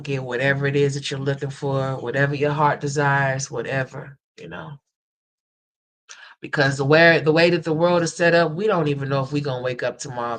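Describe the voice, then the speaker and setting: A livestream host talking straight to the chat in a loose, casual way. The voice sits at an ordinary middle pitch. It is blunt and salty one moment and sweetly affectionate the next, calling viewers honey and sweetheart. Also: a bit bright. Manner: blunt and profane, switching to tender and emotional.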